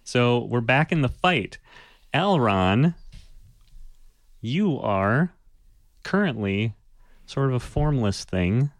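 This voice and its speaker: A man narrating a tabletop game as game master, unhurried and descriptive. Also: mid-range voice, sing-song, no echo.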